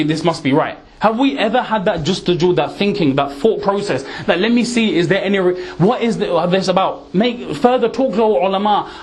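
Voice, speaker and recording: A man giving an earnest, emphatic sermon, dropping in Urdu, Punjabi and Arabic words. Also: sits high. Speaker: Islamic preacher.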